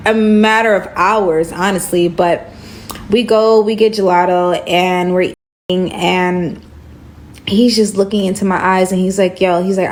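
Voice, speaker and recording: A young woman delivers a casual storytime monologue in an animated, slang-heavy way. Her voice sits in a mid register but leaps upward whenever she acts out her own lines. A faint background hiss runs under the recording. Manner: animated, slangy, acts out dialogue with sudden jumps in pitch.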